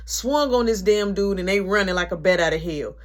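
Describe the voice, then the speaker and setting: A woman's voice: medium pitch, fairly quick. A young adult woman telling a story in a casual, slangy, profane way and acting out each person's lines.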